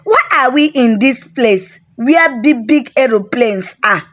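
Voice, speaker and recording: A woman with a Nigerian accent voicing an eager young girl who speaks in excited exclamations. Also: on the high side, slow.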